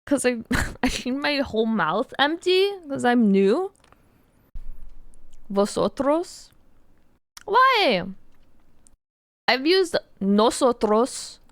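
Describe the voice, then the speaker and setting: Young female streamer, casual and giggly, slightly high voice, dry close sound. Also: expressive, takes it slowly, no echo. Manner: chatty and giggly, reads chat aloud. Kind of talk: casual live-stream chat while drawing.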